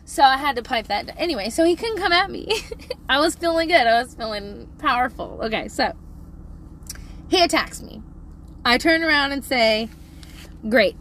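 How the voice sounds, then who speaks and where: A middle-aged woman telling a parenting story in a casual, animated, profane way, laughing often. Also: sits high, normal speed, a little hiss or hum.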